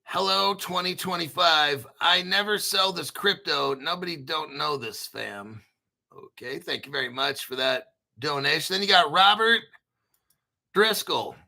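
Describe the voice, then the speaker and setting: An American man hosting a casual commentary, brash and profane, joking around and often clearing his throat. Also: on the high side, measured pace, bright, forceful tone. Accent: General American. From United States. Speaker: crypto video host. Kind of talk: casual commentary reading articles.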